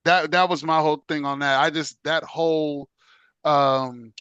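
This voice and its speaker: A man's voice: a little high, fairly even intonation, unhurried, fairly bright tone, clear, resonant tone, no echo, lo-fi sound. A middle-aged man co-hosting a podcast, talking in a loose, conversational way and often asking "you know what I'm saying". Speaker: podcast co-host. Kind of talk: casual chat.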